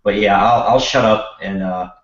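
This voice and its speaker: A man's voice: lowish voice, normal speed. Man on a voice chat, stuffy-nosed and sick, rambles with casual swearing; room echo. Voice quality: nasal, blocked nose. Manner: rambling, self-deprecating, swears freely. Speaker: panelist. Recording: roomy, dull lo-fi voice chat.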